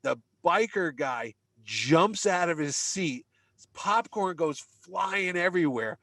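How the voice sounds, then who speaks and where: A man's voice: on the high side, takes it slowly, dry recording. A middle-aged man telling a long story in casual podcast chat, humming music cues and acting out the crowd. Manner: animated storyteller, hums movie music, acts out crowd shouts.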